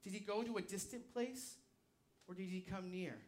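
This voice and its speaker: A male pastor preaching a sermon, swinging from loud, emphatic shouts to quiet asides, with a live object lesson on stage. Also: high voice, steady tone, moderate pace.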